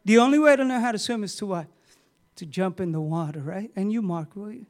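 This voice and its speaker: A middle-aged man with a strikingly high voice preaches a sermon. He asks his congregation questions in a chatty way, then builds to loud, emphatic preaching. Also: a little fast. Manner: talks with the congregation, asking questions. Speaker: pastor.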